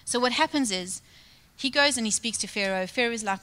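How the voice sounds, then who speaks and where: Woman preacher, bright and higher voice, lively storytelling sermon in a reverberant church hall. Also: measured pace, pauses often. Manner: storytelling, acts out quoted dialogue. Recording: long reverb of a large hall.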